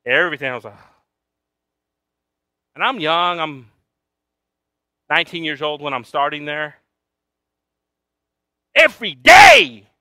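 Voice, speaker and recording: A man preaching a sermon, telling a personal story with big swings from loud shouting down to a near whisper, sometimes switching to Spanish for the congregation. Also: a little high, unhurried, pauses often, clear, resonant tone, no room sound, clean studio sound. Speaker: pastor.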